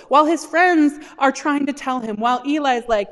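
Lady pastor preaching, higher voice, really lively, big echoey hall. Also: unhurried, few pauses. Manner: animated, rising to impassioned pleas when voicing Job. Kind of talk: sermon. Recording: long hall reverb.

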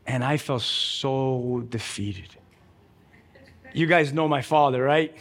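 A man preaching a sermon, emphatic and energetic, telling a story with lively quoted voices. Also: mid-range voice, slow, pauses often, big-room sound. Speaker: pastor.

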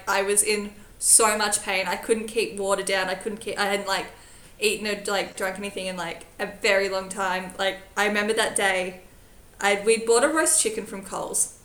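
Woman, young adult, casual podcast chat, lively storyteller, bright tone, echoey room. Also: medium pitch. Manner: animated storyteller, acts out quoted voices. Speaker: podcast co-host, teacher.

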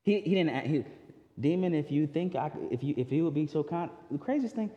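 A man preaching with lively, informal energy, dropping into slang and swinging from punchy emphasis to hushed asides. His voice sits a bit higher than most men's and carries a long reverb tail from a large hall. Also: a little fast, muffled recording. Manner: casual, conversational preaching with slang; animated, swings from loud to quiet. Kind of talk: sermon.

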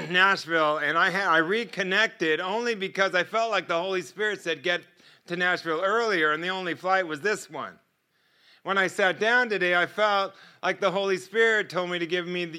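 Bright, high-voiced man preaching. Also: clear, resonant tone. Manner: animated, laughs often between lines. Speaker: guest speaker. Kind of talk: sermon storytelling.

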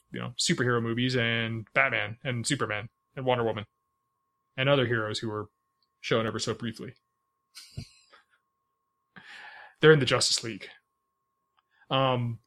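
A man's voice: mid-range voice, a bit bright. A man co-hosting a podcast, chatting casually about films, rambling with lots of fillers and restarts and laughing often. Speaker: podcast co-host. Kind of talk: casual movie chat.

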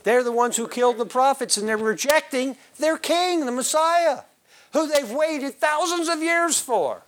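A man's voice: very high-pitched, measured pace, a bit bright. A man teaching a Bible class, quizzing his listeners and calling on them by name. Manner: questions the class and calls on members by name.

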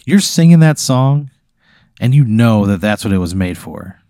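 A man casually spinning an improvised hypothetical story for his co-host, with deadpan asides. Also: lowish voice, moderate pace, dry recording, clean studio sound.

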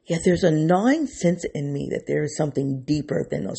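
A man's voice: on the high side, expressive, fairly quick, vocal fry, few pauses, warm tone, husky. A man talking to his viewers in an unscripted reflective monologue, rambling and restarting his thoughts, openly emotional. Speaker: vlogger speaking to his viewers.

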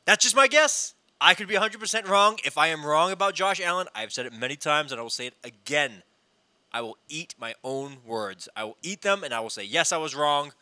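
A man's voice: on the high side, expressive, fairly quick, bright, forceful tone, smooth, dry recording. A man in his thirties co-hosting a casual sports show, brash and opinionated, swearing freely. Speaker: podcast co-host. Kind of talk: casual sports radio chat.

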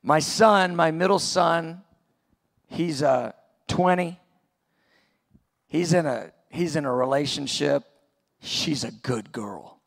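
A pastor in his forties preaching a sermon, telling a personal story in a conversational, halting way. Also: on the high side, creaky. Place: church auditorium.

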